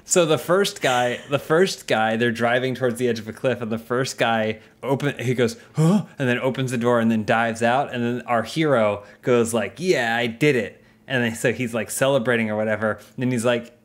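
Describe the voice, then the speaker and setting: A man's voice: mid-range voice, a little fast, hardly any pauses. A man hosting a podcast, casually retelling a movie plot with lots of restarts and voiced quotes. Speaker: podcast host. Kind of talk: casual chat.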